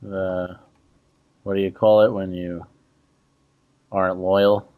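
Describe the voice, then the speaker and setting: A man co-hosting a casual podcast, his voice sitting a little low. He chats in an easygoing way and drops in dry jokes between stories. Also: level tone, slow, smooth, narrow, tinny audio. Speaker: podcast co-host. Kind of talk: casual chat.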